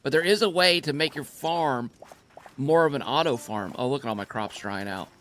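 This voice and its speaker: A man hosting his own gaming channel, giving excitable, playful gameplay commentary and laughing easily. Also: mid-range voice, normal speed, a little hiss or hum.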